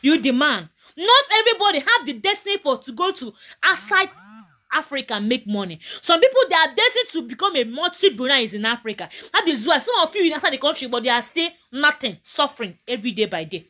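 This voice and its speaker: A Nigerian woman lectures her viewers in a motivational talk, preachy and emphatic, repeating herself for weight. Her voice sits high and swings widely in pitch. The tone is bright and forceful. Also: big pitch swings, quick pace. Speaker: motivational vlogger.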